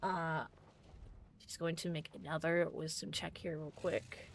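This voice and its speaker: A woman narrating as game master of a tabletop fantasy game, describing scenes in an unhurried way with frequent fillers. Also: low voice, flat delivery, gravelly, slight background noise.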